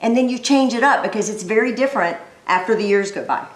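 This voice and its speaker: A middle-aged woman with a high voice shares stories from a church stage as part of a sermon. She is animated and laughs easily. The sound carries the echo of a large room. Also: fast. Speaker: pastor's wife, co-speaker. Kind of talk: lively sermon storytelling. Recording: echoey church hall.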